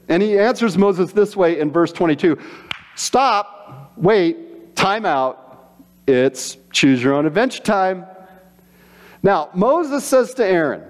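A pastor preaches a sermon in a high voice, speaking slowly with long pauses. He tells stories animatedly, acting out quotes in different voices.

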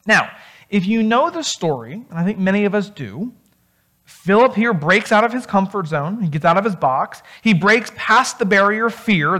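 A pastor preaching a sermon in a conversational, animated storytelling manner. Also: medium pitch.

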